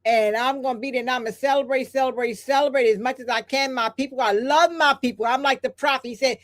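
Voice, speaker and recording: A woman's voice: high voice, steady tone, fast. An older woman hosting a live stream, talking in an emphatic, repetitive, preacher-like cadence and breaking off for chatty asides while she reads the chat. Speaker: host. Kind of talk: live-stream talk reading chat comments.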